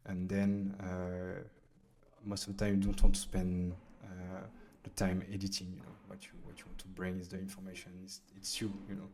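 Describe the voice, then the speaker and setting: A man with a deep, mellow voice talks through a software tool off the cuff. He pauses often on "uh" and restarts his sentences, keeping an even, unhurried tone. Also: slight background noise. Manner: halting, frequent "uh" fillers and restarts. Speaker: presenter demonstrating a video-editing AI tool. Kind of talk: unscripted software walkthrough.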